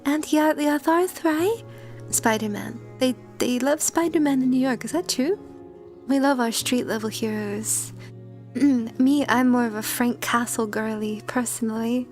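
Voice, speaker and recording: A woman's voice: on the high side, measured pace, a little mellow, faint music behind. A woman VTuber streamer in casual livestream chat, giggly and greeting her chatters by name.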